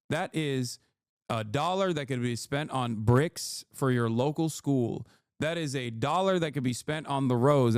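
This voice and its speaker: A man's voice: medium pitch, clean tone, dry recording, studio quality. A man livestreaming a reaction to news, ranting angrily with heavy swearing and mocking jabs at his critics. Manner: heated, profane, mocking. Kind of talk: angry political rant.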